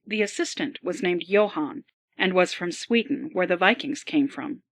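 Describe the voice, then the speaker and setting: A woman narrating an adventure audiobook in a slow, deliberate reading style. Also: on the low side, no room sound. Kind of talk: scripted narration.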